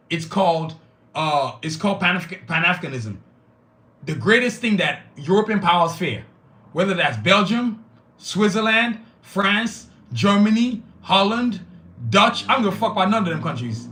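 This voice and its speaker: A man's voice: sits high, bright, forceful tone. A man hosting a podcast, delivering a fiery, profane monologue full of repeated lists. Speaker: podcast host.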